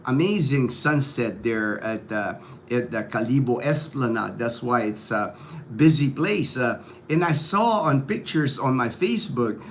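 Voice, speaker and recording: A man's voice: medium pitch, slight background noise. A man hosting a casual morning livestream, upbeat and chatty, greeting viewers by name between stories. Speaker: livestream host. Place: home in a provincial town.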